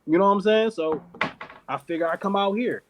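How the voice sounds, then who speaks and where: A man's voice: high-pitched, a little fast, slight background noise. A man from Detroit, a clothing company founder, telling a long story as a podcast guest, laughing often and acting out what other people said. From Detroit, United States. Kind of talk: casual storytelling.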